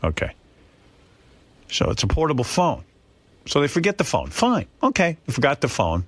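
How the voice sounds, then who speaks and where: A male radio host telling an animated story, exasperated and swearing freely, with many restarts. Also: on the high side, moderate pace, breathy edge, dry recording.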